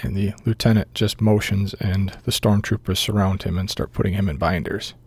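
A man narrating a tabletop game as its game master, in a low, gravelly voice. He talks in a measured way with frequent filler pauses. The sound is dry and close. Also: fairly even intonation, a little mellow, no echo.

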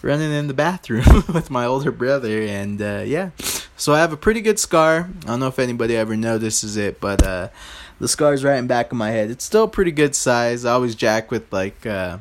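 A man in his own casual podcast, rambling through stories with plenty of fillers and side remarks. His voice sits at an ordinary, middle pitch. He talks straight to his listeners in an easygoing, unpolished way. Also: expressive, brisk. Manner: rambling, loose and informal, with many fillers and asides to listeners. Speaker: podcast host.

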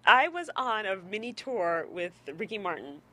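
A woman's voice: medium pitch, moderate pace, no room sound. A woman guest telling a story in casual chat, laughing often and acting out what people said. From New York. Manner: lively, laughing, acts out quotes. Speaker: guest performer.

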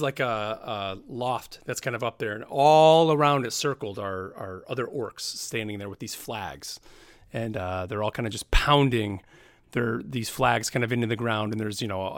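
A man's voice: mid-range voice, a bit bright, dry recording, clean studio sound. A young man narrating a tabletop game as dungeon master, casual and rambling with many fillers.

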